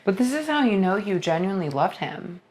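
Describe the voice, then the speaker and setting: A woman hosting a casual podcast interview, supportive and relatable, quick to agree with her guest. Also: medium pitch, sing-song, a little mellow. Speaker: podcast host.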